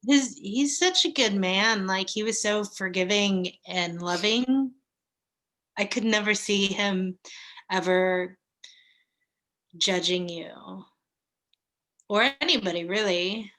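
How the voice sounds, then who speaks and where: A woman in her thirties talking slowly and reflectively in a casual, heartfelt chat, pausing and laughing softly. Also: medium pitch. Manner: slow, reflective, with soft laughs and pauses. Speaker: guest.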